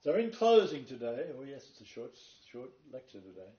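A man delivers a sermon-style Bible lecture to a congregation, moving from read-out quotations to emphatic preaching. His voice is mellow and dark. It is captured from a distance in a dull, echoey room recording. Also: mid-range voice, very animated, brisk. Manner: reads long quotations, then emphatic preaching. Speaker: Bible teacher. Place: meeting room with a live congregation.

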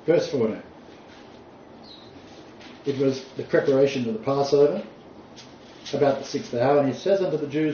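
A man's voice: medium pitch, dark tone, a little hiss or hum. Emphatic male preacher in a roomy hall. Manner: emphatic, deliberate, cites sources aloud. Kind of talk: sermon with scripture reading. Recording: distant mic, roomy echo, dull sound.

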